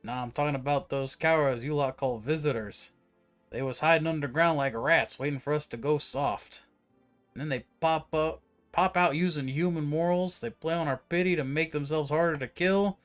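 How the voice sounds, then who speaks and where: A predatory brute who thinks people are animals swaggers through his lines in a high, forceful voice, as a man puts him on. His mock accent swings between New York and British, and every word drips with contempt. It is game dialogue read aloud over faint background music. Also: normal speed, lightly acted. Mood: scornful. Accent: mock half New York, half British.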